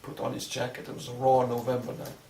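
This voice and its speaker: An older man with a Viennese accent telling his story in an oral history interview, with measured storytelling and vivid recalled dialogue. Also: medium pitch, completely flat delivery, darkish tone. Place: interview room. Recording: roomy, distant mic with noise.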